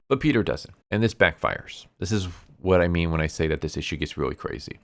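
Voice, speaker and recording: A man with a low, deep voice talks through a comic book review in a loose, casual way. He gets animated, acting out quoted lines in shifting tones. The sound is dry and close, with no room around it. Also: quick pace, few pauses, no echo.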